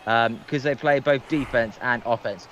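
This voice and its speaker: A man's voice: medium pitch, normal speed, a bit bright, dull audio, a little hiss or hum. A man calling baseball play-by-play on a livestream, hesitant and full of filler ums. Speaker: guest play-by-play commentator.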